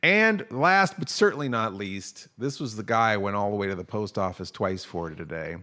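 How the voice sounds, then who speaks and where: A man's voice: on the low side, lively intonation, normal speed, bright, forceful tone. A man hosting a casual comedy podcast, rambling and self-mocking with lots of fillers. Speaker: podcast host.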